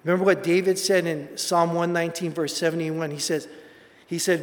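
A man preaching a sermon, telling animated, conversational stories and calling people "bro". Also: sits high, moderate pace, in a large hall.

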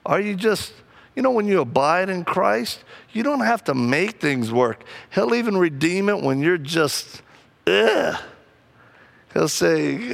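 Gravelly, animated male preacher. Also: high voice, takes it slowly. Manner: animated, acts out quoted people, laughs often. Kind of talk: sermon with personal storytelling.

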